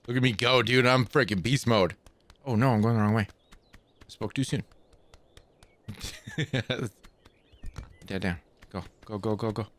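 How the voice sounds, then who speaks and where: A man hosting a gaming channel, giving playful, excitable let's play commentary full of trash talk. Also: on the low side, unhurried, pauses often.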